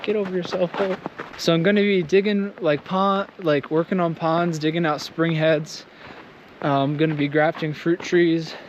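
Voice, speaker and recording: A man vlogs from a windy mountaintop, joking and rambling in an easygoing way. His voice sits fairly high for a man, and cold slows his speech a little. Loud wind noise batters the recording outdoors. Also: steady tone, lo-fi sound. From Southern United States. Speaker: vlogger. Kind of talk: casual vlog talk.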